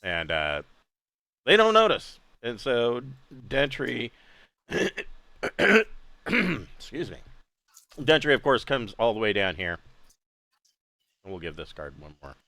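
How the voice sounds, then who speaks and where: A man running a tabletop game as game master, narrating casually and often pausing to correct himself. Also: lowish voice, very animated, pushed and bright, dry recording. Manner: halting, self-correcting, casual.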